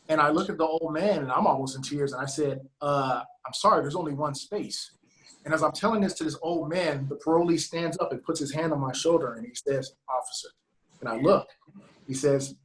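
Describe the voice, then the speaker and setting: A man's voice: fairly high pitch, a little fast, rough recording. A man, a sheriff's deputy, earnestly telling a heartfelt story on a video call and acting out the dialogue. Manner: earnest, emphatic, acts out quoted dialogue.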